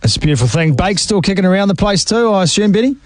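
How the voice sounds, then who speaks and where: A man's voice: high-pitched, expressive, quick pace, no echo. A man hosting a casual chat, jokey and upbeat. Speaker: host.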